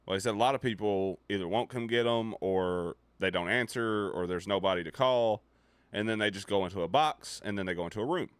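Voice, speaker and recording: A young man streaming live, telling a story casually and profanely, dropping his voice low and quiet for suspense. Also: brisk, clear, resonant tone, no room sound. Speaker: livestreamer.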